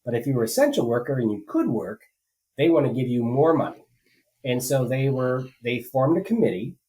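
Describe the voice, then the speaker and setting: A man's voice: mid-range voice, big pitch swings, a little fast, dark tone, poor audio. A man co-hosting a political podcast, talking casually and rambling with many fillers and restarts. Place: rural home.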